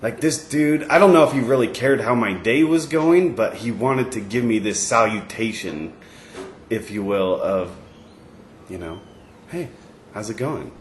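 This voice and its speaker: A man co-hosting a podcast, telling a story in a rambling way with many pauses and fillers. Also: medium pitch, reverberant, slight background noise. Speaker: podcast co-host. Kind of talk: casual chat.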